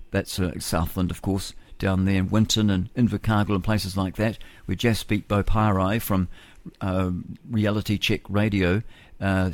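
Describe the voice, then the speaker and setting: A man's voice: fairly low pitch, no echo. A male New Zealand radio host in meandering, folksy morning chat, reading the weather and musing aloud.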